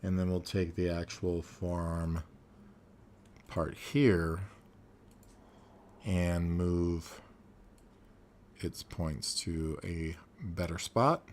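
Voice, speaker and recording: Man, very low voice, unhurried, casual tutorial host, soft hiss under it. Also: steady tone. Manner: unhurried, thinking aloud with frequent fillers. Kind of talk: casual screen-recorded tutorial narration.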